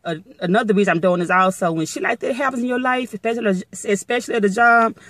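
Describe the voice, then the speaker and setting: A woman's voice: medium pitch, fast talker, fairly bright tone, dry recording. Blunt, profane storytelling woman. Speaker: vlogger. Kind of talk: casual storytelling to viewers.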